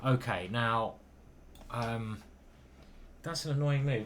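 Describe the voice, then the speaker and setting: A man's voice: medium pitch, animated, normal speed, a bit bright, a little hiss or hum. Guy rambling thru his chess game live, bouncy up and down voice, swears a bit. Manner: chatty, swears casually, thinks aloud. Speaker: chess grandmaster streamer.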